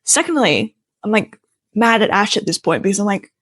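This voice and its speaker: A woman's voice: mid-range voice, moderate pace, no room sound. Chatty young woman telling a story. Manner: animated, chatty, acts out quoted voices. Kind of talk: casual storytime narration.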